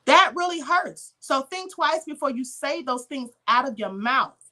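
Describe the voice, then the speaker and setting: A woman's voice: high-pitched, lively intonation, normal speed, bright, forceful tone. A woman hosting an inspirational live stream, speaking emphatically and preachily to her viewers, thanking them for comments and calling them beloved. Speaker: livestream host.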